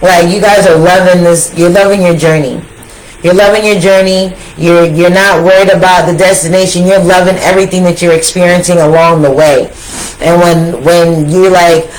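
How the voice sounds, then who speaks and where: A woman giving a casual tarot reading, talking straight to her viewers in an animated, slangy way that repeats phrases for emphasis. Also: on the low side, normal speed, low-quality recording. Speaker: tarot reader.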